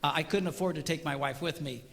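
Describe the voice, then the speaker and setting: Speaking quickly in a slightly high voice, this middle-aged man performs a funny talk on marriage before a live crowd. He's animated, doing voices and bantering with the audience. There's hall reverb and faint ambience in the recording.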